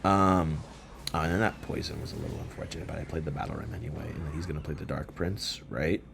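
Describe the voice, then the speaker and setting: A young man casually commentating his own gameplay, rambling and joking, with sudden loud yells. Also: a bass voice, fairly even intonation, fast, creaky, background noise. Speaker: gaming channel host.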